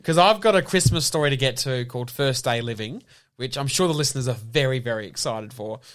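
A man's voice: mid-range voice, fairly quick, fairly bright tone. A young man co-hosting a comedy podcast, wry and easily amused, with an exasperated tone. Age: young adult. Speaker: podcast co-host. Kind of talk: casual comedy podcast banter.

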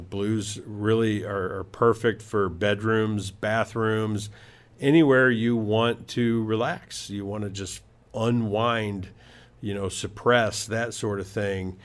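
A man hosting a home improvement talk show, giving tips in a casual, rambling way with many fillers and restarts. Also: on the low side. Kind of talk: casual radio-style talk.

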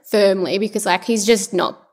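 A woman's voice: mid-range voice, steady tone, normal speed. A young woman chatting casually as a podcast guest, loose and talkative with many fillers. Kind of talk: casual chat.

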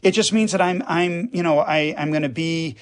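A man's voice: a little high, moderate pace. A man, a priest, talking earnestly on a radio show and explaining with everyday examples. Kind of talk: radio conversation.

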